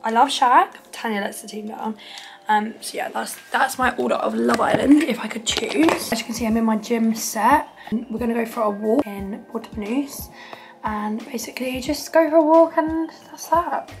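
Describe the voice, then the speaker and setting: A woman's voice: a little high, moderate pace, faint music behind. A young woman with an English accent, chatting in a bubbly, rambling way as she vlogs a holiday. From England. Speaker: vlogger. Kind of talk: casual vlog chat.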